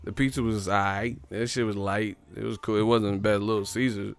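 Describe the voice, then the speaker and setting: A man hosting a livestream, reading super chats and ranting in a casual comedic way, profane and animated, laughing often. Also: on the low side, normal speed, gravelly, clean tone.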